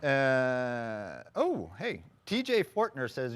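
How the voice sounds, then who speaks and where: A man's voice: fairly high pitch, lively intonation, a little fast, fairly bright tone. A man co-hosting a live stream, chatting casually and reading out viewer comments. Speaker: live chat co-host.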